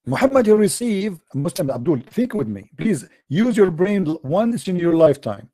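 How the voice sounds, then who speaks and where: Man, taunting debate host, dark mellow tone, dry close sound. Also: sits high, very animated, normal speed, dry recording. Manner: mocking, taunting, repetitive rhetorical questions. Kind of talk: confrontational live-stream debate.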